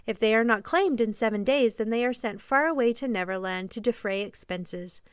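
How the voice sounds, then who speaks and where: A woman's voice: on the high side, normal speed, clean tone, no echo, studio quality, close to an everyday voice. A woman voicing an eager, boastful young boy who refuses to grow up, in a storybook reading. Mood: cocky.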